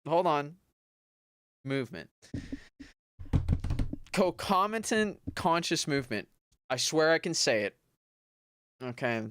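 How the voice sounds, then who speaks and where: A man reads a dense book aloud on a live stream, slowly and haltingly, stopping to retry hard words and swearing as he goes. His voice is smooth and clear. It is picked up close and dry on a desk mic. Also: a little high, expressive, a bit bright, dry recording. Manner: slow, halting read-aloud with stumbles, retries and casual swearing. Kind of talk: casual live-stream reading.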